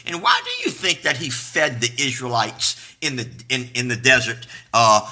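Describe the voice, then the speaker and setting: A man's voice: medium pitch, sing-song, moderate pace, few pauses, pushed and bright. A man pastor preaching a casual live-streamed sermon, folksy and unpolished, greeting viewers by name. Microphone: live stream to a camera.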